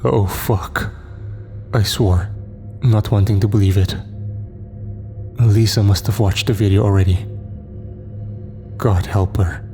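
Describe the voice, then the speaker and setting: A man narrating a first-person horror story in a measured, tense storytelling manner. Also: fairly low pitch, fairly even intonation, dark tone, soft background music.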